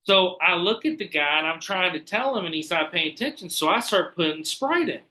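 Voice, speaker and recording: Bright-voiced, animated podcast host. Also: male voice, sits high, brisk. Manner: animated, profane storytelling. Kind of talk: casual chat.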